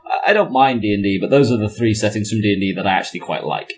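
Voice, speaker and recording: A man's voice: on the low side, fast. A man running a tabletop game, chatting casually with his players and often searching for words and trailing off. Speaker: game master.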